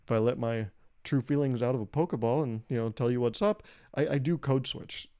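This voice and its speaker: Pikachu, the little electric creature, talks like any candid office guy as a man voices him. He chats on in a plain, rambling way with a mellow, warm tone. It sounds like a comedy podcast bit. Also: medium pitch, brisk, clear, resonant tone, lightly acted. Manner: plain everyday voice, chatty, rambling. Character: Pikachu as an articulate, candid male office worker.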